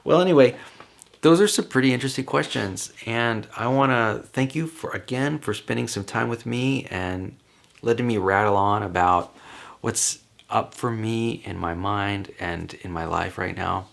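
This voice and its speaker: A man's voice: lowish voice, moderate pace, gravelly. A man talking casually on his own, answering questions in a rambling, chatty way with light laughs. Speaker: vlogger.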